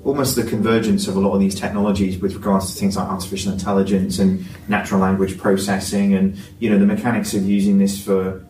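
A man's voice: low-pitched, flat delivery, fast, few pauses, a little mellow. A man co-hosting a casual podcast panel, talking hesitantly, repeating words and using many fillers. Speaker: podcast co-host. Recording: roomy, distant mic with faint noise.

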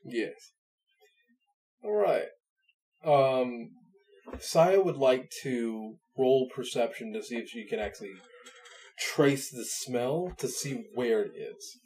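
A man playing a tabletop game who talks his dice rolls through deliberately. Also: mid-range voice, a little mellow, soft background music. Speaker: player.

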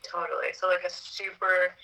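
A woman guest in a casual chat, animated and swearing, laughing at her own troubles. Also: lowish voice, normal speed, recorded from a distance, rough recording.

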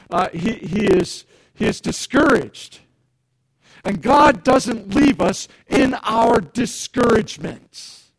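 Gravelly, husky high-voiced male pastor. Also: no echo, rough recording. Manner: conversational, repeats words, asks the congregation questions. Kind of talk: sermon.

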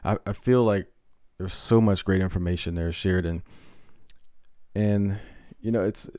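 A low-voiced man talks straight into his podcast, opinionated and wry, often restarting his sentences. The sound is dry and close. His manner stays casual and self-assured. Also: steady tone, unhurried, mellow, dry recording. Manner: opinionated and joking, with stumbling restarts. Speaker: podcast host.

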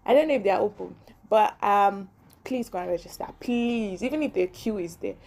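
Nigerian woman, young adult, solo podcast host; chatty, ranty, quick to laugh. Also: medium pitch, gravelly, darkish tone. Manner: chatty, ranting, laughs often. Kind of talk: casual solo podcast monologue.

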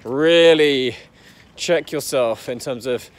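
Taking it slowly in a medium-pitched voice, a young man from the English Midlands shares the story of his life as an entrepreneur. He rambles casually, with many fillers and heated swearing.

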